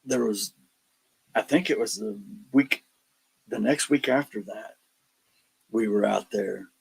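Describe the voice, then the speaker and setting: A man telling his paranormal investigation stories in casual chat, animated and acting out the quotes. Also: fairly low pitch, slow pace, gravelly, breathy edge, rough recording. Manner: animated storyteller, acts out quotes, laughs between lines. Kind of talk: casual storytelling on a podcast.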